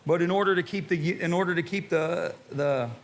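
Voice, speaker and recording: A male pastor delivers a fiery sermon in a fairly high-pitched voice. He preaches emphatically, repeats his points and throws rhetorical questions at the congregation. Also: normal speed.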